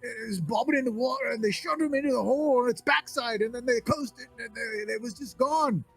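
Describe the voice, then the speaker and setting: A man's voice: very high-pitched, brisk, gravelly, husky, soft background music, voice pushed up, heavily acted. A man voicing a frightened, drunk unhoused sailor who stammers and pleads. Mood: shaken.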